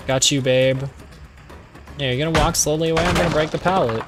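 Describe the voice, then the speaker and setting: Over music, a male streamer with a fairly high voice chats casually while playing a game. He speaks fairly quickly but pauses often, rambling playfully through a retold story packed with fillers.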